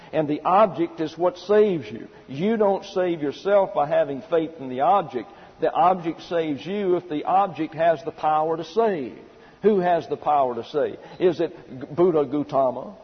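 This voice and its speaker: A man's voice: fairly high pitch, breathy edge. A male preacher giving methodical, point-by-point Bible teaching in a sermon, with emphatic rhetorical questions. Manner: methodical, outlining by numbered subpoints. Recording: muffled sound with long hall reverb.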